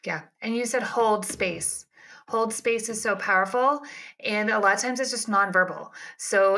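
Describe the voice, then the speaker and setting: A woman co-hosting a podcast, speaking in a measured, affirming way in casual conversation. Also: mid-range voice, creaky, bright, forceful tone. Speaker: podcast co-host.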